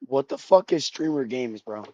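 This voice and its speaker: A man streaming casual chat, blunt and profane, with a voice he says is going hoarse. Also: mid-range voice, animated, moderate pace, dull audio, noisy background. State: losing his voice.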